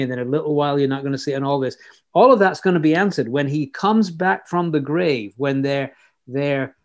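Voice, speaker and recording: A man's voice: on the high side, a little mellow. Man teaching the Bible verse by verse. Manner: conversational with fillers and restarts, reads scripture aloud.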